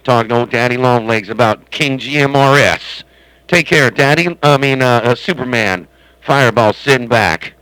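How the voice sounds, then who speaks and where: A man's voice: medium pitch, moderate pace, pushed and bright, clear, resonant tone, no room sound, rough recording. A man hosting a CB radio stream from his home base station, chatting in a rambling, joking, folksy way. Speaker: CB radio operator and stream host. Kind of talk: casual radio chat.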